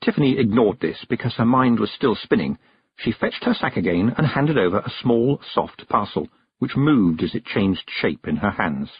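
Husky male narrator, lively storybook reading, dry dull lo-fi sound. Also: fairly low pitch, moderate pace, no echo. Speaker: audiobook narrator.

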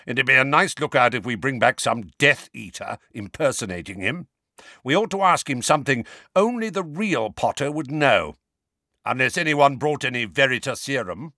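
A man voicing a gruff, grizzled old male wizard who is suspicious and irritable, with a low growling voice and blunt, barking warnings. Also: lively intonation, normal speed, bright, forceful tone, no room sound, studio quality.

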